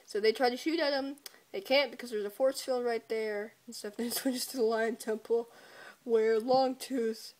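A woman with a slightly high voice rattles through a joking episode recap. She is irreverent and giggly, swearing often and breaking into laughter. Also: steady tone, normal speed, darkish tone. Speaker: video reviewer.

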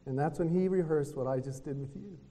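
A man giving a retreat talk in a preaching style, telling lively stories and acting out what other people said. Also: a little high, a little fast. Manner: lively storytelling that acts out other people's words. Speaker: retreat speaker. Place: hotel conference room. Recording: long reverb of a hotel meeting hall.

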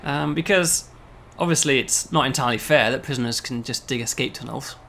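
A man, a game developer, casually explaining a game demo, often pausing on "um" and checking with "right?". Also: medium pitch, creaky, pushed and bright, a little hiss or hum.

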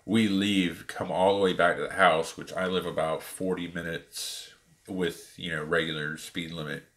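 A man casually retelling a story about buying sneakers, animated and full of fillers. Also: sits low, moderate pace. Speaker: sneaker reviewer.

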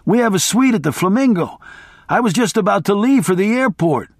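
Guy doing a foul-mouthed lawyer, fed up, high and punchy. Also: expressive, a little fast, no room sound, studio quality. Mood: impatient. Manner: blunt, impatient, swearing. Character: exasperated male lawyer on the phone, profane.

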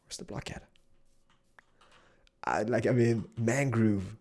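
A young man giving excitable Let's Play commentary, exclaiming and chatting to the animals he finds. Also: lowish voice, slow pace. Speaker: gaming YouTuber.

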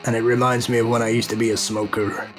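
A man's voice: medium pitch, flat delivery, quick pace, soft background music. A man with a British accent co-hosting a podcast, with dry, self-deprecating humor. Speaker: podcast co-host. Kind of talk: casual podcast banter.

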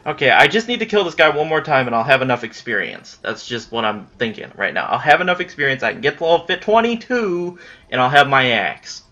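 A man's voice: mid-range voice, very animated, a little fast, pushed and bright, lo-fi sound. Frustrated young man swearing through gameplay. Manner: frustrated, swearing, mutters at the enemy. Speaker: gameplay commentator. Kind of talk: casual gaming commentary.

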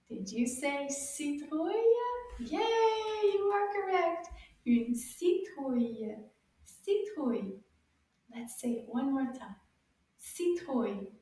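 A woman teaching French to young children, cheerful and encouraging, sounding out each word in a slow, exaggerated way for them to repeat. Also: high voice, dark tone. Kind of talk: children's language lesson. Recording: very echoey room, mic far off.

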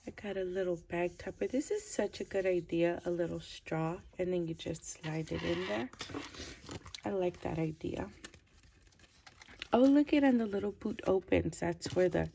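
A woman with a low, gravelly voice talks slowly through her craft mail, gushing over every little piece. She keeps her voice hushed so as not to wake her child. Her tone is dark and mellow, with a faint hiss behind her. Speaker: crafting vlogger opening mail. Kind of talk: casual unboxing chat.

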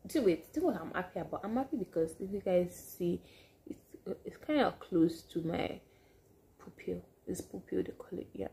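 A woman telling a personal story to camera in a casual vlog, animated and sometimes dropping to hushed asides. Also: lowish voice, normal speed, gravelly. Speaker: vlogger.

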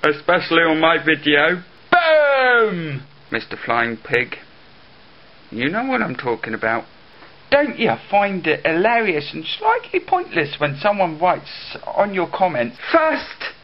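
A man's voice: fairly high pitch, sing-song, a little slow. Jokey hyperactive guy vlogging. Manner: hyper and jokey, swings between mumbling and loud bursts. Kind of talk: casual vlog. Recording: dull lo-fi camera audio with faint hiss.

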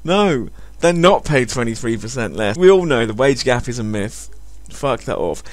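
A man's voice: mid-range voice, normal speed, no room sound. A man doing sarcastic comedic commentary on a video, swearing heavily. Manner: sarcastic, heavy swearing, animated.

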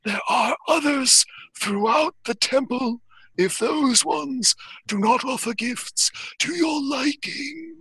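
A man voicing an eerie tempter who urges others to take dark gifts, in a sly, drawn-out sing-song. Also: very high voice, husky, no room sound, voice pushed up, exaggerated voice. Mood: urgent. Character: eerie high-voiced tempter urging gifts.

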